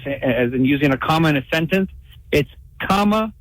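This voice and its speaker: A man's voice: on the high side, expressive, brisk, poor audio. A man in a pre-recorded radio bit, explaining earnestly.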